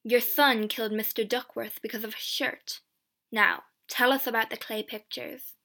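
A kind, calm gentleman speaks quietly and gently, as a woman reader puts him on. The voice is bright and high. It is a storybook reading. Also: normal speed, creaky. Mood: firm.

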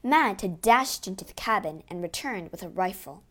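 A woman reading a children's adventure story aloud in a steady, expressive way. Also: mid-range voice, moderate pace. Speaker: narrator.

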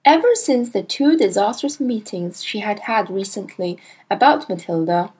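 A woman reading a children's storybook aloud in a measured, expressive way. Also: medium pitch, breathy edge, poor audio. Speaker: narrator.

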